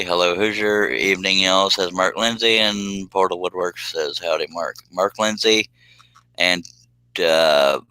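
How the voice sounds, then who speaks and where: A man's voice: deep voice, pushed and bright, clean tone, dry recording, poor audio. A man, hosting a casual live stream and reading chat messages aloud in a folksy, drawling way.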